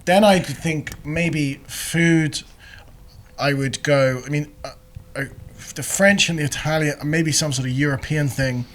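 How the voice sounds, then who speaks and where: An English man with a slightly high voice rambles through his comedy podcast chat. He laughs often and loses his thread, trailing off mid-sentence to hunt for the right word. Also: steady tone, measured pace, a bit bright. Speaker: podcast co-host.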